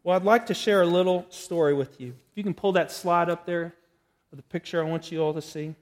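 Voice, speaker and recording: Male pastor, high pitch, dramatic storytelling sermon, long hall echo. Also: fairly quick, a little mellow. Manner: emphatic preaching with dramatic storytelling. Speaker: preacher. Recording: reverberant hall.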